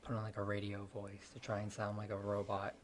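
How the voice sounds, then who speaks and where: A man's voice: fairly low pitch, completely flat delivery, fairly quick, slight background noise. A young man in casual podcast conversation, wry and jokey, sometimes putting on a phone voice. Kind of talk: casual chat.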